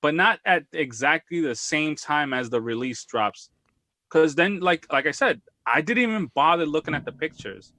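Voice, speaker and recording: A man co-hosting a live toy collecting podcast, talking in an excitable, rambling way with frequent laughs and dry sarcasm. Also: fairly high pitch, moderate pace, no room sound. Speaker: co-host of a toy collecting show. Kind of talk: casual live podcast chat.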